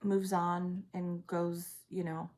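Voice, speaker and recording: A woman giving an intense psychic reading to camera, halting and trailing off as she speaks. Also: lowish voice, little pitch movement, a little mellow. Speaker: psychic reader. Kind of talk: intuitive reading on video.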